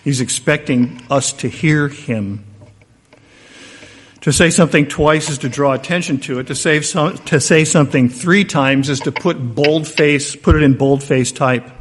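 A pastor preaching a conversational sermon, moving between raised emphasis and hushed, quiet lines. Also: male voice, a little high, breathy edge, long reverb tail.

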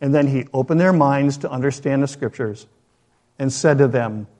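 A man's voice: mid-range voice, normal speed, a little mellow. A man preaching a sermon as a pastor, reading scripture, praying and telling a story in a conversational way, with rhetorical questions.

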